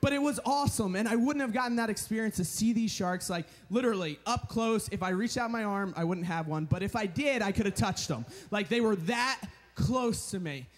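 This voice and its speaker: Animated high-voiced young man preaching. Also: a little fast, hardly any pauses. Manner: animated, chatty, filler-heavy "like". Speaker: retreat speaker. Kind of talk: storytelling sermon talk.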